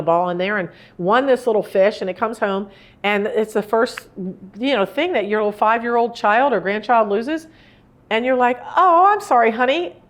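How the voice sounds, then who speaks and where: Earnest woman in her sixties. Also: medium pitch. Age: 60s. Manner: conversational, rambling, earnest. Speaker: grief speaker. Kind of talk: live talk to an audience. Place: indoor room with a live audience.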